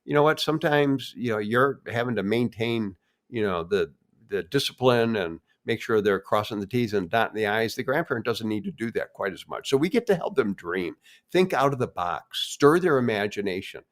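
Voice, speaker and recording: A man's voice: on the low side, lively intonation, normal speed. An older man co-hosting a family podcast, folksy and encouraging in tone. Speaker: co-host. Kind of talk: casual podcast chat.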